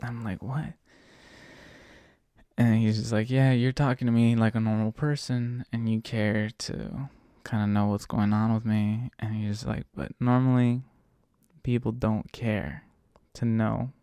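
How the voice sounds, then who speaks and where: A man's voice: fairly low pitch, flat delivery, measured pace, warm tone, smooth, dry recording, studio quality. A man telling a story in a casual, profane, laid-back way as a podcast host, retelling a conversation with a passenger.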